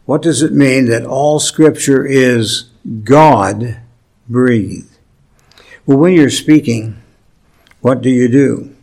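Slow, deliberate preaching man. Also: medium pitch, vocal fry, a little mellow. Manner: slow, deliberate preaching with emphatic pauses and light humor. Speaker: pastor. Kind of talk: sermon.

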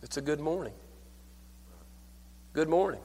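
An older man preaching a sermon at a church service. He tells folksy stories, calls for amen, and swings from hushed lines to loud, fervent preaching. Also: a little high, expressive, unhurried, long reverb tail. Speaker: pastor.

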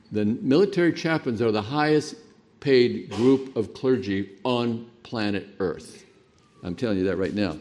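An older male preacher delivering a sermon, telling anecdotes with sudden rises in pitch and loudness and chuckling between points. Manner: animated storytelling with sudden jumps in pitch and loudness.

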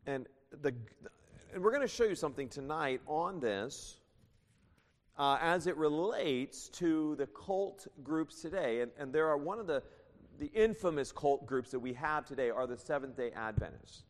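A male preacher with a fairly high voice and a lively, swooping delivery, reading scripture and explaining it verse by verse, at times raising his voice. The sound rings with a long hall reverb, as in a church sanctuary. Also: moderate pace. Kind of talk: sermon.

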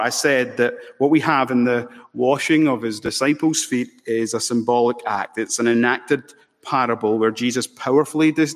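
A man preaching a sermon with passion, building to loud emphatic peaks. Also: mid-range voice. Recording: long hall reverb.

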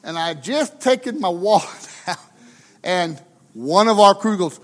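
Speaking slowly in his fairly high, slightly bright voice, a US pastor delivers a humorous, folksy story from the pulpit with expressive, chatty warmth. Tag questions keep pulling his listeners in.

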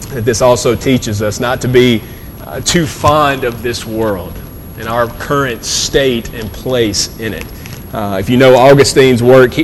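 A man preaching a sermon as pastor, earnest and conversational, often repeating words and using fillers. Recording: long hall reverb, faint rumble.

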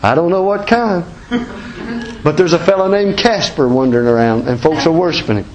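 A man's voice: a little high, fairly quick, darkish tone, highs cut off. A man with a Southern American accent preaching a sermon as pastor, folksy and emphatic, full of rhetorical questions.

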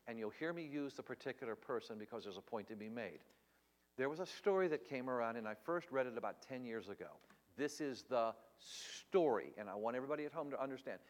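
A man's voice: medium pitch, big-room sound. A man preaching in an earnest, emphatic way, teaching Bible answers on a live stream and asking rhetorical questions.

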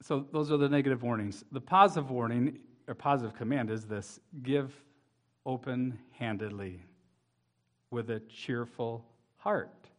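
A man's voice: medium pitch, a little slow. A man preaching a sermon as pastor, reading scripture aloud and speaking to the children in the congregation with rising emphasis.

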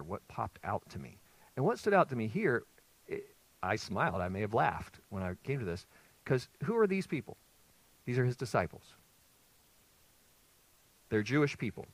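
Male pastor, lively conversational sermon, dry close sound, very expressive pitch. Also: no room sound, poor audio. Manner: lively, conversational preaching with rhetorical questions. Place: church sanctuary with congregation.

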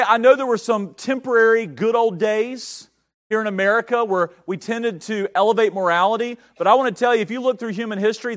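A middle-aged man from North Carolina preaching a Sunday sermon. His voice sits high for a man. He tells stories in a plain way, then builds his points to strong, emphatic swells. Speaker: pastor.

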